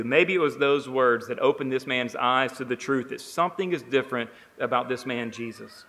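A man preaching a sermon, emphatic, building on repeated phrases and swinging between quiet, slow lines and raised ones. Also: medium pitch, big-room sound. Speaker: pastor.

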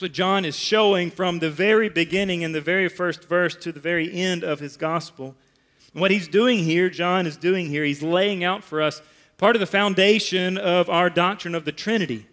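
A man preaching a sermon as pastor, emphatic, repeating phrases and dropping to a soft, low voice on key words. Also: moderate pace.

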